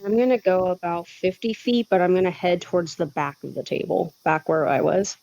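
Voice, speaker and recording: A woman player casually describing her character's actions, unhurried with fillers. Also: fairly low pitch, gravelly, a little mellow, low-quality recording.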